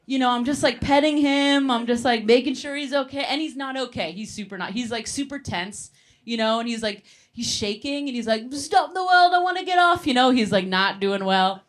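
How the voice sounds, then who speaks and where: A woman telling a stand-up comedy story, with an animated, rambling delivery full of fillers and quick laughs. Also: a little high.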